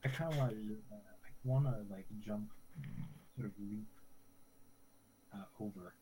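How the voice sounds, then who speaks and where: A fairly low-voiced man narrates what his character does in a tabletop game. He hesitates often and restarts his sentences, with a faint hiss of noise behind him. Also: a little slow, mellow, low-quality recording. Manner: hesitant, full of fillers and restarts. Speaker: player.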